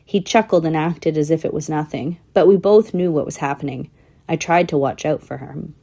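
A woman's voice: low-pitched, moderate pace, gravelly, dark tone, lo-fi sound. A woman voicing a young female squirrel telling her story in a matter-of-fact, thoughtful way. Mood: earnest.

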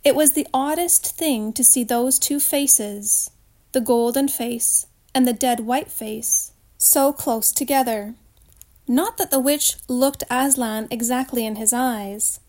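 A woman reading a children's storybook aloud in a steady, expressive way. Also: on the high side, slow pace.

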